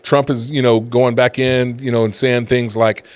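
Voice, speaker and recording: A man's voice: medium pitch, normal speed, clean tone. Conversational male commentary host. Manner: conversational, animated when riled up. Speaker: talk show host. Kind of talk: opinion commentary.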